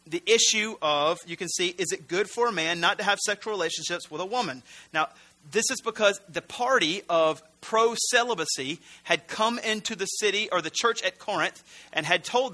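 A man's voice: high-pitched, sharp tone. A man preaching as a pastor in a conversational, earnest style, often correcting himself mid-sentence. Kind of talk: sermon.

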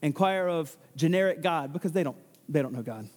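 A man's voice: fairly high pitch, expressive, a little fast, a little mellow, long reverb tail. A man preaching a sermon that works through a scripture passage, talking conversationally with frequent restarts and joking asides. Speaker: pastor. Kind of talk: expository sermon with scripture reading.

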